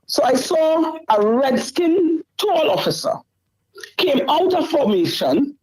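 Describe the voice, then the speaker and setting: Calling in to a talk show, a middle-aged woman relates a painful story and keeps repeating herself. Her high-sitting voice is a little mellow and slow, with big pitch swings, and the audio is rough.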